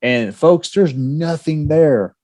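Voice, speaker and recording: A man co-hosting a veterans' podcast, telling old army stories in a casual, animated way. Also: a little high, slow pace. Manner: storytelling, animated, with laughs. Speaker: podcast co-host.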